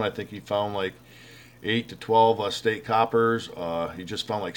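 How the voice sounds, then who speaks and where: A man hosting a casual live stream, chatting loosely with viewers, greeting them by name and calling them bud. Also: lowish voice. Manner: rambling, reads viewer comments aloud; frequent fillers and restarts. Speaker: livestream host.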